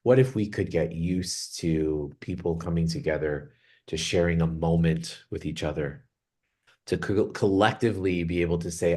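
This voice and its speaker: A man leading a group meditation on a video call, speaking earnestly and reflectively, slowing down on words he wants to stress. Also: low-pitched, darkish tone. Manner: earnest, reflective, slows down for emphasis. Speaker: meditation guide. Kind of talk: spiritual talk opening a group meditation.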